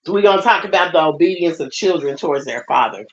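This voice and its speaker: A woman's voice: deep voice, expressive, fast talker. Emphatic woman preaching, lo-fi. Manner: emphatic, repeats phrases, talks directly to the congregation. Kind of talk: sermon.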